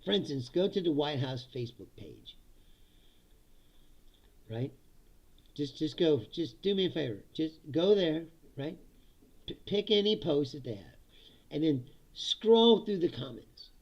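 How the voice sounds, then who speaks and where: A man hosting a casual political rant, sarcastic and laughing often, swearing and mocking his opponents in put-on high voices. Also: expressive, a little slow, long pauses, dull audio. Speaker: political commentary host.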